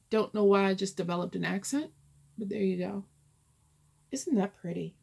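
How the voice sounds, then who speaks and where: A woman's voice: medium pitch, moderate pace, gravelly, pauses often, darkish tone, slightly rough. A woman chatting casually as she shows her cross-stitch projects, thinking aloud and rambling as she goes. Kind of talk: casual show-and-tell.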